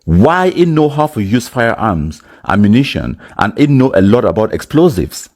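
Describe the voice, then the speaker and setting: Animated man with Cameroonian Pidgin accent. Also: lowish voice, moderate pace. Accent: Cameroonian Pidgin English. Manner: animated, mixing Pidgin and English. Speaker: commentator. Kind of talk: casual spoken commentary.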